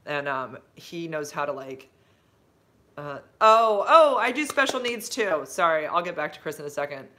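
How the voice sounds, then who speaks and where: A woman chatting on a casual livestream from her phone, rambling through stories with lots of fillers and answering viewer comments as they come in. She jumps into bright, gushing outbursts when she gets excited. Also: low voice, normal speed, a little hiss or hum. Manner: rambling and chatty, full of fillers and side-tracks. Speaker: livestreaming vlogger and substitute teacher.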